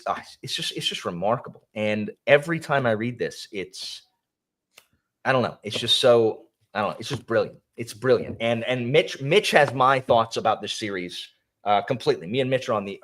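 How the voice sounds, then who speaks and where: A man's voice: mid-range voice, normal speed. Casual guy raving about a book series, trails off a lot. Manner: enthusiastic, animated, trailing off. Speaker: book discussion guest.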